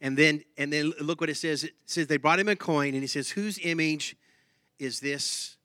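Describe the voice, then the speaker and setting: A man preaching a sermon, animated, repeating himself and laughing now and then. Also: fairly high pitch, fast, no echo, studio quality. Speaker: pastor.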